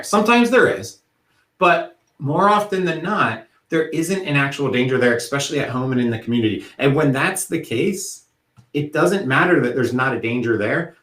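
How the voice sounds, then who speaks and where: A man presenting an educational workshop, explaining things in a steady way and using vivid analogies. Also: medium pitch. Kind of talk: educational talk. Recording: echoey room.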